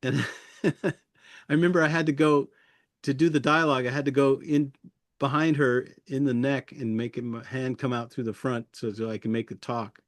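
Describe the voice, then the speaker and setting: In a clean studio recording without echo, a man with a medium-pitched voice speaks in a steady tone at a moderate pace. He's a puppeteer chatting casually as an interview guest, chuckling frequently as he wanders loosely through his memories.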